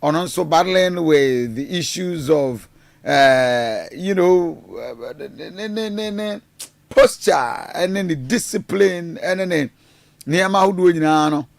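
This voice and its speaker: A man's voice: on the high side, a little slow, vocal fry, no echo. A man with a Ghanaian accent giving rambling, hesitant political commentary, mixing in Twi phrases. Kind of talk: casual news commentary.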